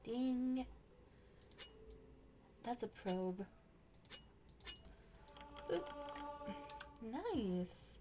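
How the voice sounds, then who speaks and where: A woman's voice: medium pitch, a little slow, pauses often. A young woman chatting casually and thinking aloud as she plays a video game. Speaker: gaming channel host. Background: game music and keyboard typing.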